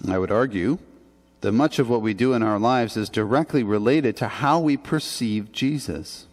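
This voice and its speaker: A man's voice: medium pitch, normal speed. Preaching man in a reverberant church. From Canada. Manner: earnest, conversational preaching with emphatic rises. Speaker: pastor. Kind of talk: sermon. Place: church sanctuary.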